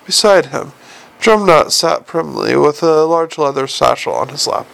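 A man narrating a comic novel as an audiobook, with a wry, even storytelling delivery. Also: a little high, a little slow, gravelly.

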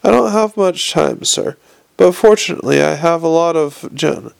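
Guy doing a cheeky old lady banker, blunt and teasing, kinda high and crackly. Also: normal speed, gravelly, clear, resonant tone. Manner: dry, teasing, slyly blunt. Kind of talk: audiobook character reading.

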